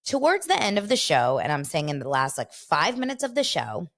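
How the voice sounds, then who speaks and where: A woman hosting a casual gossip podcast, telling a story with lively retelling of who said what. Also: a little fast. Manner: animated storyteller, acts out quotes in a higher voice. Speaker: podcast host.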